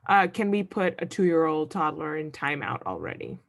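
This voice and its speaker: A woman's voice: low voice, sing-song, moderate pace, gravelly. A woman hosting a webinar who reads out audience questions and thanks the guest. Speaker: webinar host. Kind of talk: moderating a webinar Q&A.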